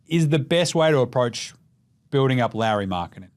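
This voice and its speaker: A man's voice: fairly high pitch, moderate pace, pauses often. An Australian man hosting a casual sports show, swearing freely and joking as he runs through his takes. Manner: profane, jokey, animated with mocking put-on voices. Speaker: podcast host.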